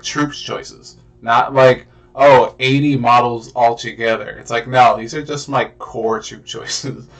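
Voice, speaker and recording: A young man talks casually on a podcast, his voice gravelly with a fried edge. He rambles, restarts and swears freely, filling gaps with "uh" and "like.". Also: medium pitch. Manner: rambling, profane, lots of fillers. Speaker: podcast co-host. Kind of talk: casual chat.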